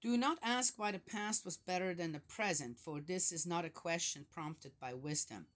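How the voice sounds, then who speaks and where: A woman's voice: lowish voice, moderate pace. An older woman hosting a casual Bible commentary, chatting through verses with frequent rhetorical asides and laughs. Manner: laughs often while talking. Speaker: Bible study host.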